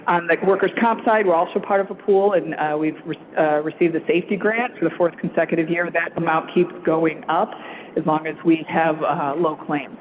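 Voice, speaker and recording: A woman giving a staff report at a council retreat, halting, with many fillers and restarts. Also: low-pitched, fairly even intonation. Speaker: city staff presenter. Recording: phone-like, narrow sound.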